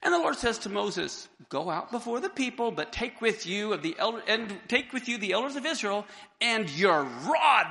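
A high, bright man's voice with a gravelly texture, teaching scripture with lively energy. He jumps into character to act out the crowds and Moses. The sound carries a long hall reverb. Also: normal speed. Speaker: Bible teacher. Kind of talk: animated Bible teaching.

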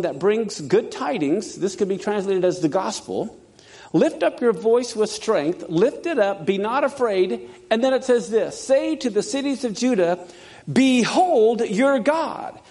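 Emphatic male preacher, high gravelly voice, builds excitement while reading verses aloud. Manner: emphatic, reads scripture aloud with rising excitement. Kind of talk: sermon.

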